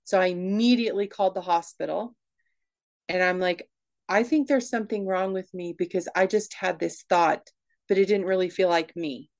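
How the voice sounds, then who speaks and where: A woman speaks as an interview guest, telling a personal story candidly. Her delivery is emotional and comes in quick bursts, with frequent restarts mid-sentence. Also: on the low side, steady tone, darkish tone.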